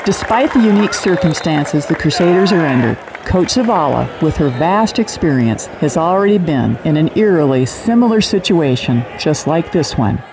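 A man giving scripted documentary narration with a dramatic, measured delivery. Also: fairly high pitch, lively intonation, background noise.

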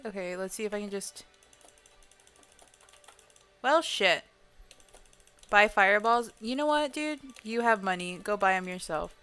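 A woman's voice: medium pitch, unhurried, pauses often, sharp tone, clean tone, faint music behind. A woman streaming a game from a laptop mic, laughing often, swearing and trash-talking her teammates. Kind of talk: casual gameplay streaming. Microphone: laptop microphone.

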